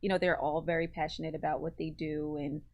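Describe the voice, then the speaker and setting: A young woman from New Jersey guesting on a radio show. She talks in a relaxed, slightly low voice, with easy fillers and light laughs. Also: fairly quick, lo-fi sound. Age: young adult. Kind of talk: casual radio interview.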